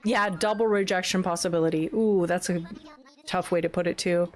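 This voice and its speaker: A young woman hosting a livestream, chatting casually with her viewers in an animated, giggly way. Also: fairly low pitch, moderate pace. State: sniffly, eyes watering. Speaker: livestream host. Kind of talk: casual chat with live chat. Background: soft background music.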